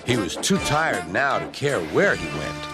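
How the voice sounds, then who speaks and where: A man narrating a children's train story in a lively storybook manner. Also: measured pace. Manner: lively, very animated pitch. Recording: music underneath.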